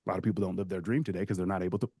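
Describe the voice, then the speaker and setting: A man telling a rambling personal story in a casual podcast conversation, animated and often checking in with "right?". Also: low-pitched, very fast, slightly rough, dry recording, clean studio sound.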